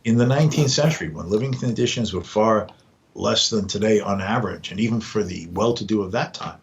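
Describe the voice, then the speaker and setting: A man, a professor and guest on a podcast, speaking in a measured, lecturing way with the odd halting restart. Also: lowish voice, muffled recording. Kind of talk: podcast discussion.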